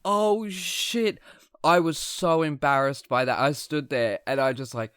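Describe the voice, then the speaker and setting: A man, a podcast co-host telling an embarrassing story in casual chat, animated and self-mocking, laughing often. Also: fairly high pitch, a little slow, smooth, no room sound, studio quality.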